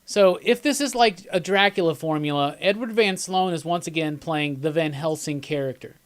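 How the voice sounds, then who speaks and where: Hosting a live movie commentary, a man chats with viewers casually and enthusiastically, rambling and laughing along the way. His voice is fairly high-pitched and his speed is normal.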